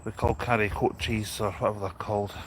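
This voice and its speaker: A man's voice: on the low side, little pitch movement, a little fast. A Scottish man hosting a casual train-spotting livestream outdoors, chatting and addressing his viewers as folks. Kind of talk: casual live-stream chat. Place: outdoors by a busy street. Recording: loud outdoor street noise.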